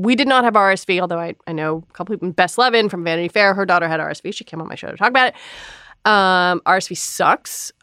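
A woman guesting on a podcast in casual chat, telling stories in an energetic, chatty way. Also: mid-range voice, clean tone, no echo, studio quality.

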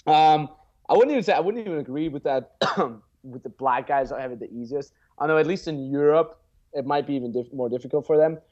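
A man's voice: fairly high pitch, brisk, warm tone, lo-fi sound. A man in his twenties, a guest dating coach, chatting casually in a blunt, profane way and acting out example lines. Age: 20s. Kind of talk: casual podcast chat.

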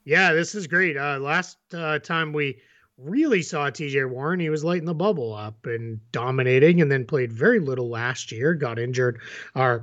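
A man's voice: a little high, normal speed, fairly bright tone, dull audio. A man co-hosting a sports podcast, talking casually with many fillers and restarts. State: has the hiccups. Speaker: podcast co-host.

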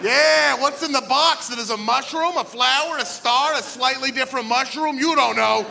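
A man doing a stand-up comedy set on a live radio show, self-deprecating, with excitable rants that climb into high shouts. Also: normal speed, gravelly, a little hiss or hum.

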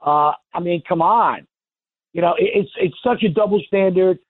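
A man's voice: sits high, normal speed, no room sound. A man calling in to talk radio, rambling in a folksy, indignant way with many fillers. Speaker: caller. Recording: tinny dry phone line.

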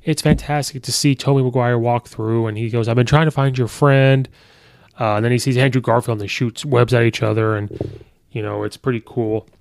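A man talks through a movie review in a loose, rambling way, leaning on fillers and restarting his sentences. His voice has a gravelly edge at mid pitch, and the recording is dry and close with no room sound. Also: fairly even intonation, fairly quick, darkish tone, no room sound. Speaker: podcast host. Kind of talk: casual movie review monologue.

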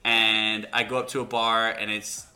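Bright, animated male sports podcaster. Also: fairly low pitch, moderate pace, slight background noise. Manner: animated storyteller. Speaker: podcast co-host. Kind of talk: casual sports chat.

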